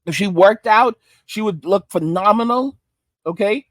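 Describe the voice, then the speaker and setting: A man's voice: high voice, measured pace, a bit bright, no echo, studio quality. A man from Arizona giving blunt, emphatic reaction commentary that he keeps punctuating with "all right?". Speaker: online commentator.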